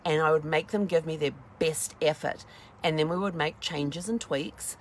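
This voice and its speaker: Chatty woman host, slightly low voice. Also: normal speed, a little hiss or hum. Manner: chatty, acts out little dialogues. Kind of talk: casual motivational talk.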